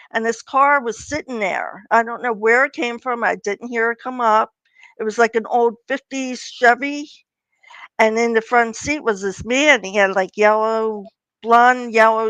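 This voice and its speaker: A woman's voice: a little high, a bit bright, dry recording, poor audio. An older woman from Pennsylvania, a guest author telling personal stories in a casual interview and acting out the voices of people she quotes. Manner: chatty, acts out quoted voices.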